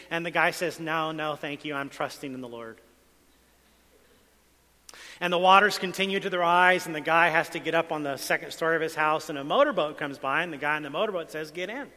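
Male pastor, bright, ringing voice, sermon delivery with dramatic soft-loud swings, church hall reverb. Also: a little high. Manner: dramatic shifts between soft asides and loud emphasis.

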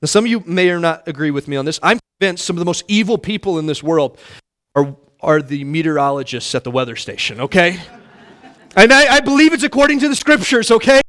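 A man in his thirties delivers a sermon as a pastor, his voice sitting notably high for a man. He tells homely stories and jokes with the congregation, restarting his phrases often in an easy, folksy manner. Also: quick pace, fairly bright tone. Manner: folksy, joking storytelling with many restarts.

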